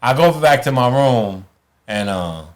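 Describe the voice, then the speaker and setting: A man tells a long personal story as a podcast guest. His delivery is loose and animated, full of cursing. He keeps slipping into the voices of the people in his story. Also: mid-range voice, measured pace. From Chicago, USA. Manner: animated, profane, acts out quotes in others' voices. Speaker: guest, former boxing champion. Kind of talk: casual storytelling.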